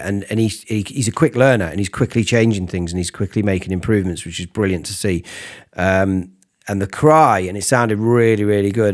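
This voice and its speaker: A man giving a casual singing lesson, explaining vocal technique between falsetto sung examples. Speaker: singing teacher.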